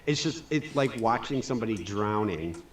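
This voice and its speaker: A man as a guest on a casual live stream, talking in halting bursts with restarts and laughs. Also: fairly low pitch, lively intonation, slight background noise.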